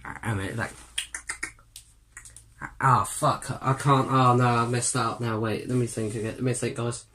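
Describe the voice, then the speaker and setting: A man hosting a reaction video, talking casually to viewers with constant swearing and loud exclamations. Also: mid-range voice, steady tone, measured pace, long pauses, slight background noise. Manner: profane, exclamatory, addressing viewers as guys. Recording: cartoon music playing behind.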